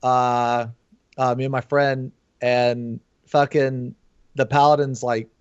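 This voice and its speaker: A man's voice: mid-range voice, takes it slowly, clear, resonant tone, no room sound. A man who is a guest on a gaming podcast, chatting casually and ranting bluntly with lots of swearing. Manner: blunt, profane, animated ranting with laughs. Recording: dull lo-fi dry sound.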